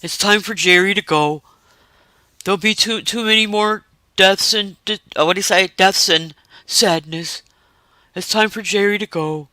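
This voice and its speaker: A man voicing a gentle, well-meaning dog who speaks softly and slowly. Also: high voice, little pitch movement, smooth, no echo. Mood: solemn. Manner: soft, slow, soothing.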